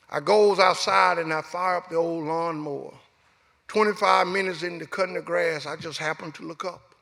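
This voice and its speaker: Dramatic Southern storyteller, bright voice. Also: male voice, sits high, brisk, creaky. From Alabama, US. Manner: dramatic storyteller, acting out dialogue. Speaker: guest speaker. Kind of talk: storytelling speech. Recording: echoey hall.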